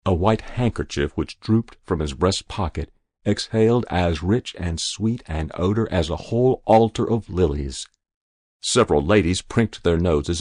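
A man giving a measured, unhurried scripted narration of a short story as the reader. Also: sits low, a little mellow, no room sound, studio quality.

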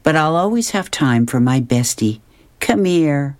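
A man's voice: fairly high pitch, expressive, a little slow, a little mellow, no echo, voice pushed up. A man voicing a bubbly, gushing teenage girl from a comic strip.

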